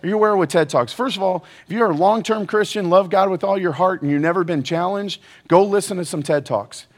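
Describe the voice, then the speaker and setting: Guy preaching, high voice, jokey, keeps asking the crowd stuff. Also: fairly quick. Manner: energetic, joking, asks the audience questions. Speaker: pastor. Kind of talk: sermon.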